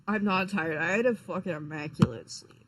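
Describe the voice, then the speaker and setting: A young man rambles through stories on a live stream, swearing freely and tripping over his own restarts. He sounds sleepy and unhurried, with a casual, offhand delivery. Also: high voice, background noise. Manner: rambling, profane, frequent fillers and restarts. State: tired, yawning.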